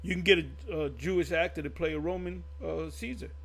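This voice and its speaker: A man's voice: a little high, fairly even intonation, a little fast, vocal fry, husky. A man teaching from the Bible in a casual, rambling way, often stopping to correct himself and drifting off on side stories. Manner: rambling, digressive, self-correcting.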